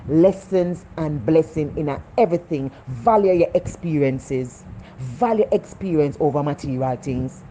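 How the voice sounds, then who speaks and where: A woman's voice: deep voice, animated, measured pace, warm tone, a little hiss or hum. A woman with a Jamaican accent giving a heartfelt motivational talk, earnest and repetitive as she preaches life lessons. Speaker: vlogger.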